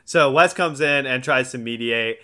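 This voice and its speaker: Man in his twenties, casual recap, animated, acts out quotes, bright voice. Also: mid-range voice, normal speed. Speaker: podcast co-host.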